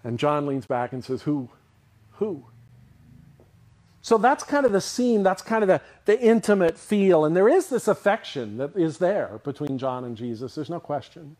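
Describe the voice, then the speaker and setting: A man's voice: fairly high pitch, normal speed, hardly any pauses. A man preaching a sermon in a conversational style, asking his listeners questions and picturing scenes for them. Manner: conversational, animated, asks the audience questions. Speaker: pastor.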